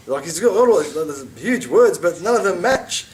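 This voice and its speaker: Man, middle-aged, teaching a casual religious class; animated and chatty, slightly high voice, a bit off-mic. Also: moderate pace, recorded from a distance, a little hiss or hum. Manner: animated, conversational, with asides and mock quotes. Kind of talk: informal class lecture.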